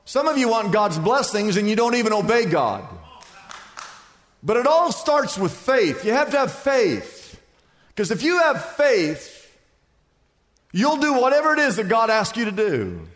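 A man preaching a sermon as pastor, building lists to shouted peaks. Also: sits high, very animated, unhurried. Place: large church sanctuary. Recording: church hall reverb.

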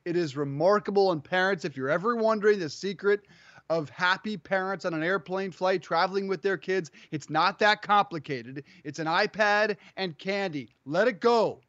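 A man co-hosting a sports talk show from home, chatting in a lively, playful, upbeat way. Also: sits high, normal speed, dry recording, highs cut off. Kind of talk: casual sports radio chat. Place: home studio.

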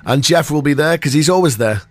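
A man's voice: a little high, animated, a little fast, no room sound. A man hosting a radio show, chatting and joking casually with his co-host. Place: radio studio.

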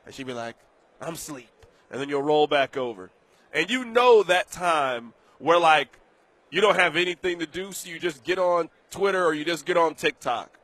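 A man hosting a sports radio show, delivering an animated, emphatic, joking monologue from a studio. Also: fairly high pitch, no room sound.

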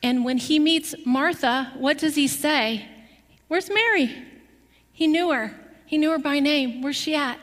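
A woman preaching a sermon, telling a story with lively rhetorical questions to her listeners. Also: high-pitched, moderate pace, big-room sound.

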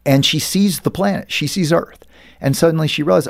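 A middle-aged pastor and author with a gravelly, somewhat high voice tells stories briskly as an interview guest. He animates his tales by acting out each quoted voice.

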